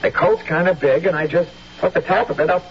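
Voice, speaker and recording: An actor playing a nervous, stammering young colonial soldier in a 1970s radio drama, from a dull old broadcast recording. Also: male voice, on the high side, a little fast, vocal fry, a little hiss or hum. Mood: pleading.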